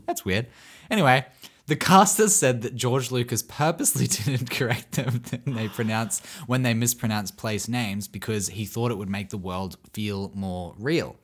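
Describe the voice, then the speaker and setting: A man's voice: mid-range voice, normal speed, breathy edge. A man from the United States co-hosting a podcast in casual chat, laughing often as he reads out listener comments. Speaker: podcast co-host.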